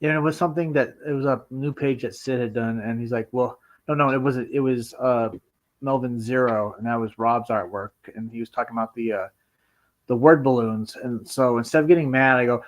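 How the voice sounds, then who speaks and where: A man co-hosting a livestream about comics, casual and wry, joking with some halting restarts. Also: medium pitch, fairly even intonation. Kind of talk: casual chat.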